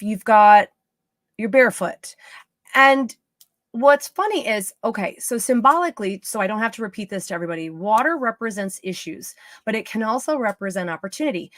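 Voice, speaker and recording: A middle-aged woman working as a psychic medium gives readings on a live stream, chatty and playful and often wandering off topic. Her voice is medium-pitched and fairly bright, recorded in clean studio sound with no echo.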